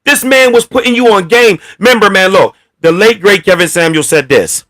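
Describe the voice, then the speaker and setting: A man hosting a casual commentary rant, blunt and profane, talking with animated energy. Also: sits high, moderate pace. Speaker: commentary channel host.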